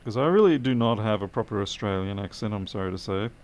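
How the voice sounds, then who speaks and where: A man's voice: lowish voice, expressive, fast, a little mellow, a little hiss or hum. A tired man streaming a late-night electronics repair, muttering as he works and answering live chat with dry, self-deprecating remarks.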